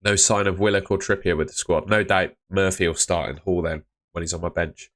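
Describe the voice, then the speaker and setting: A man's voice: deep voice, fairly even intonation, fairly quick, a bit bright. A young man chatting casually on a live stream, answering viewers' comments about fantasy football. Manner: chatty, reads out chat comments.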